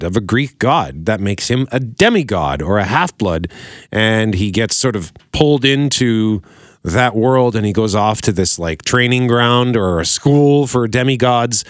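A man's voice: medium pitch, no echo, clean studio sound. A man co-hosting a podcast who explains a new fantasy series in a chatty way. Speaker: podcast co-host. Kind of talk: casual chat.

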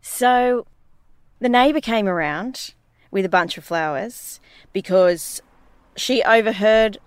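A woman's voice: medium pitch, slow, clear, resonant tone, no echo. A woman co-hosts a chatty podcast, telling anecdotes with lots of energy and acting out other people's lines. Her voice sounds dry and close, with no room around it. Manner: animated storyteller, acts out quotes. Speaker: podcast co-host. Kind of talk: casual chat.

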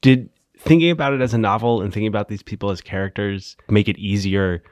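A man's voice: on the low side, quick pace, no echo, clean studio sound. A man asking casual, thoughtful interview questions, with lots of "like". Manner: casual, filler "like", laughs easily. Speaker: podcast interviewer.

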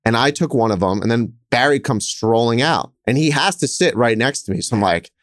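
A man in his thirties, a hotel investor, telling stories in a lively, conversational way, speeding up and getting louder as he acts out scenes. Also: medium pitch, dry recording, clean studio sound. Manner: animated, quick storyteller who gets louder acting out scenes. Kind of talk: conversational interview storytelling.

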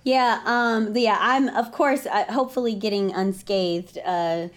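A woman guest in a casual chat, animated and dramatic, often laughing as she talks. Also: mid-range voice, measured pace.

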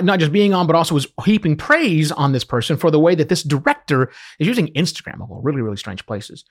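A man in his fifties, a podcast consultant, giving an emphatic solo teaching talk built around examples from his clients. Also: fairly high pitch. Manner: emphatic, animated explainer using client examples.

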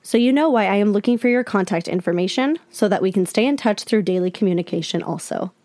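Woman reading as an abusive scammer guy, slow and a bit higher, dry close sound. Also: a little mellow, no echo, lightly acted. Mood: polite. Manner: slow, slightly raised reading of quoted messages. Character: rude abusive male scam guest.

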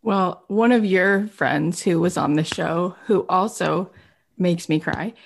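Low-voiced woman hosting an interview. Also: slow pace, gravelly, slightly rough. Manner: emotional, warm praise of guest. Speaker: podcast host. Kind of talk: interview conversation.

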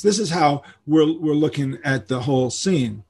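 Gravelly older man telling stories. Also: on the high side, moderate pace. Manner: animated storyteller who acts out quoted voices. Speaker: interview guest, rock musician. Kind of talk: casual storytelling interview.

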